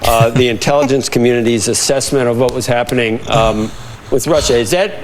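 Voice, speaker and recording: A man's voice: medium pitch, a little fast, a little hiss or hum. A man interviewing on television, hesitant and stammering through his questions.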